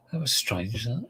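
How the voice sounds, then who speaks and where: A man's voice: medium pitch, creaky, slightly rough. A man hosting a casual reseller livestream, chatting to viewers in a rambling way while he handles and lists items.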